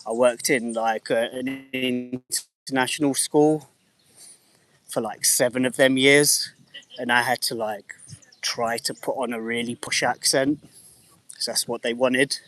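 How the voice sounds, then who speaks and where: A man's voice: mid-range voice, steady tone, measured pace, a bit bright, no echo. A man in his thirties from England with a slightly mixed English accent, chatting casually to viewers on a live stream and swearing freely. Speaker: livestreamer.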